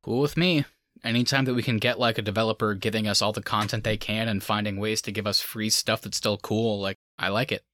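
Bright-voiced laid-back podcast co-host man. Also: lowish voice, fairly even intonation, fairly quick, no echo, studio quality. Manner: laid-back, frequent fillers and laughter. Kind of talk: casual chat.

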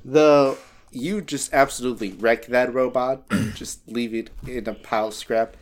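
Man, game master, mid-pitched voice, casual, excitable. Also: measured pace. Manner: casual, reacts with loud exclamations. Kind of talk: running a tabletop game.

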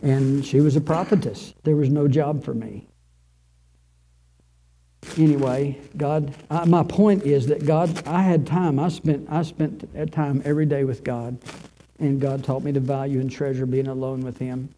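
Impassioned older man preaching, mellow voice. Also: medium pitch, steady tone, unhurried, a little hiss or hum, rough recording. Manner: impassioned, repetitive, swings from soaring cries to hushed near-whispers. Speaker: pastor. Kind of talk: sermon testimony.

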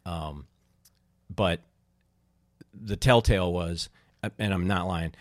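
Middle-aged man as podcast guest, a lively raconteur with a lowish voice recorded close and dry. He slips into the voices of the people in his stories and laughs easily. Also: slow pace, dry recording. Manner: animated storyteller, acts out quoted people, laughs often. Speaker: podcast guest, former baseball team co-owner. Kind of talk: casual storytelling chat.

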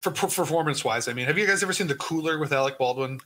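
A man co-hosting a casual film podcast, telling stories in an animated way with lots of "like". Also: a little high, racing. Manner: animated storyteller, says "like" a lot. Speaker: podcast co-host.

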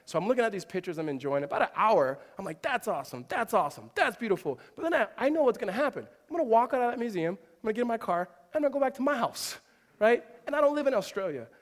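A man in his thirties preaching a sermon, telling lively personal stories with humorous asides. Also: very high voice, racing. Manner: animated storytelling with asides and self-deprecating humor. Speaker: pastor. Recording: long reverb of a large hall.

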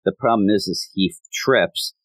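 A man's voice: low voice, unhurried, no echo, low-quality recording. A man casually recapping a story in a rambling, amused way with many asides. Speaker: anime reviewer.

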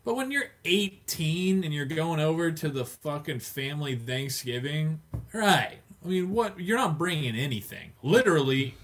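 A man's voice: fairly high pitch, very animated, normal speed. A man co-hosting a podcast, chatting casually and joking, with silly voices thrown in for people in his stories. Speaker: podcast co-host. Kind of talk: casual comedic chat.

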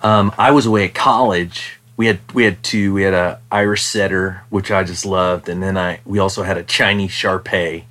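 A man in casual chat, talking in a reflective, hesitant way with many pauses and ums. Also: low-pitched, fairly even intonation, a bit bright.

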